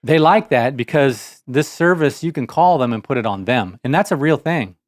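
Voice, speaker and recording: A man, an engineer, co-hosting a casual tech podcast, speaking in a measured, plainspoken way with many fillers. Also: medium pitch, lively intonation, dry recording, studio quality.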